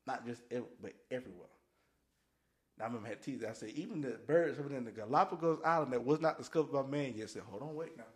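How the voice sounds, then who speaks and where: Quick-paced and mid-range, his voice drives animated Bible storytelling on a casual podcast he co-hosts. He acts out voices and shouts along the way in this easygoing talk about faith.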